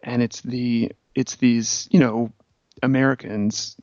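A man's voice: medium pitch, level tone, slow, a little mellow, dry recording. A man in casual podcast chat, telling a long sardonic story with many fillers. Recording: dry, slightly dull podcast audio.

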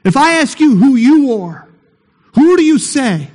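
A man preaching a sermon as pastor, emphatic and building to shouts at the high points. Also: big pitch swings, measured pace. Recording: long hall reverb.

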